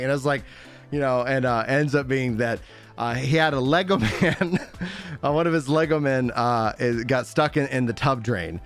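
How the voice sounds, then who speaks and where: A man's voice: mid-range voice, fairly quick, faint music behind. A man in his thirties hosting a livestream, talking casually, rambling with lots of fillers and frequent laughs. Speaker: livestream host. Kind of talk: casual chat.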